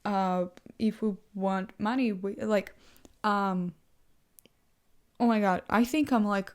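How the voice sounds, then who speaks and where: A woman vlogger in casual thinking-out-loud chat, rambling with lots of "like" and restarts, and playful self-amused asides. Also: medium pitch. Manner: rambling, heavy use of "like", frequent restarts.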